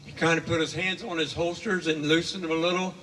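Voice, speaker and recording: A man's voice: a little high, fairly even intonation, quick pace, a bit bright, a little hiss or hum. Older man telling folksy tales in a hall. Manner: rambling, homespun, with many fillers. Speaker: storyteller. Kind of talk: folksy spoken storytelling. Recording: echoey hall from far off.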